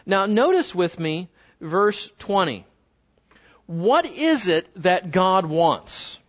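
A man with a fairly high voice leads a Bible study in front of a live group. He talks in a loose, conversational way, keeps asking the class questions, and slows right down when he reads scripture aloud. The recording sounds dull and lo-fi. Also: sing-song. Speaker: Bible teacher.

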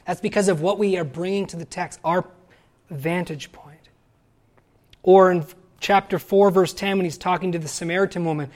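A man giving a sermon, lively and conversational, acting out quoted voices and asking the listeners questions. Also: high-pitched, normal speed. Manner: animated, acts out quoted voices. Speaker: pastor.

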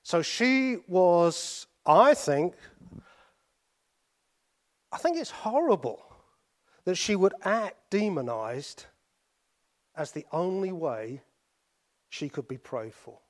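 British male preacher, fairly high voice, storytelling sermon with soft asides. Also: animated. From Britain. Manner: storytelling, with pauses and sudden drops to soft asides.

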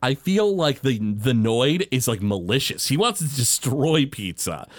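A man of middle pitch on a podcast, his voice rising and falling in a lively way. The sound is dry and close, and he tells stories with easy laughter. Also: a little slow, no echo. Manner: animated storyteller, laughs easily. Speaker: podcast co-host. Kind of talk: casual podcast chat.

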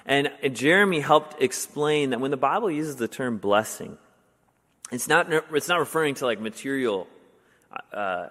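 A young man from Wisconsin delivers a sermon in a relaxed, chatty way, full of filler words and restarts. His voice sits at an ordinary middle pitch. A long reverb from a church hall trails behind every line. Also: normal speed. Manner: casual, conversational with many fillers, animated when telling stories. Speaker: preacher.

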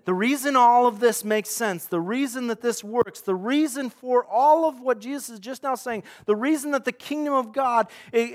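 A middle-aged male pastor preaching with a notably high voice. He is earnest and dynamic, pressing some lines out loudly and dropping others to a near hush. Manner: earnest preaching, swings from loud emphasis to hushed. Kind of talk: sermon.

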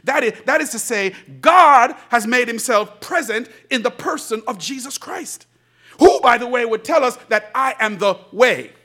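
A man preaching a sermon as pastor, swinging between soft, low asides and loud, emphatic lines, with laughing asides. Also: normal speed. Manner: animated preaching, rising to shouts, laughing asides.

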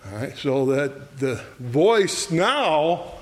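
A man teaching an adult Bible class, who builds to loud, repeated exclamations and chuckles between points. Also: on the high side, very animated, drawn-out words.

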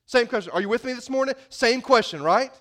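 A man's voice: very high-pitched, expressive, brisk, a bit bright. A male pastor preaching a sermon in a folksy, conversational manner.

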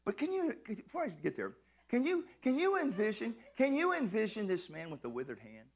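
A man preaching a sermon, animated and playful, swinging into shouts and laughs as he tells the story. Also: high-pitched, fairly quick, creaky, slightly rough. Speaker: pastor.

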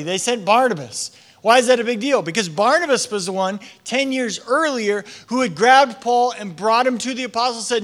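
A man preaching a sermon, telling a story with animated voices for the people in it. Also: high-pitched. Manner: animated storytelling, acting out quoted prayers. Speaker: pastor.

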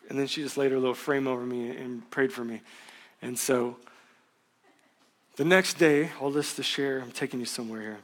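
A man in his thirties preaching a sermon, telling a personal story in a candid, conversational and animated way. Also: mid-range voice, normal speed. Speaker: pastor. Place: church sanctuary. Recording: long reverb of a church hall.

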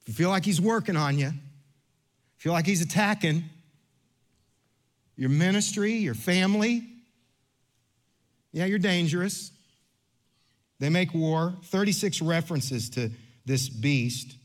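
A man in his fifties preaching a sermon, telling a story with lively quoted voices and rising to earnest emphasis. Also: fairly high pitch, measured pace, pauses often. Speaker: pastor.

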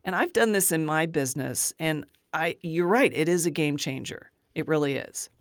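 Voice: mid-range voice, moderate pace, no room sound, clean studio sound. A podcast host speaking reflectively in a conversational interview.

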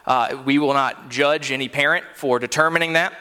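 A man's voice: mid-range voice, normal speed, bright, forceful tone, clean tone. A man in his thirties preaching a sermon in a church, earnest and conversational, with frequent fillers and restarts. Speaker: pastor. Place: church sanctuary. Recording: long hall reverb.

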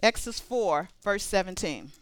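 A woman preaching a sermon, conversational and animated, reading scripture aloud between comments. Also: mid-range voice, moderate pace.

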